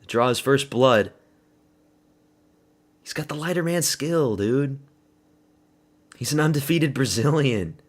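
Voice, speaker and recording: A man hosting a live fight watch party stream, calling the action in a loose, chatty way. His voice sits at an ordinary middle pitch, and he swears freely while answering chat. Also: animated, slow pace, pauses often. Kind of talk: casual live fight commentary.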